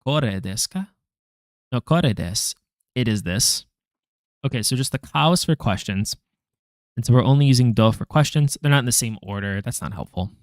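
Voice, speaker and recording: A man at an everyday middle pitch talks through his study notes in a halting, self-correcting way, tossing in dry asides. The sound is close and dry, with no room echo. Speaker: language learner vlogger. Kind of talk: thinking-aloud study session.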